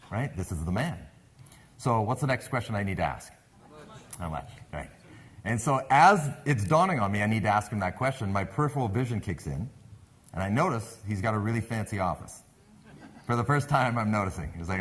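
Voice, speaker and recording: This sales speaker, who has a Canadian accent, animatedly tells a story to a live audience and draws them in with questions. His voice is on the low side, fairly quick, with a breathy edge.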